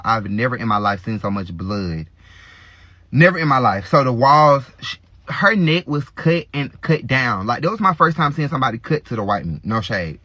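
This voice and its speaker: Bright-voiced man telling a raw story. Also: mid-range voice, husky, no echo, muffled recording. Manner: raw, graphic, talks straight to viewers as "y'all". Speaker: storytime vlogger. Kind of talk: casual personal storytelling.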